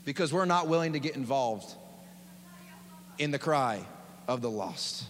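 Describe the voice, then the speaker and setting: A man's voice: mid-range voice, lively intonation, measured pace, slight background noise. Man preaching passionately in a reverberant hall. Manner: impassioned, dramatic preaching with repeated phrases. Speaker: pastor. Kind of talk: sermon.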